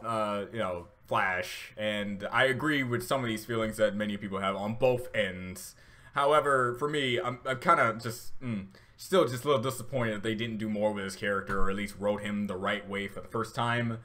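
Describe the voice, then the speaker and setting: Male reaction host, bright edgy tone, mid pitch, loose rambly delivery full of fillers. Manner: rambling, many fillers and restarts; emotional, laughing through tears. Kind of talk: casual reaction commentary.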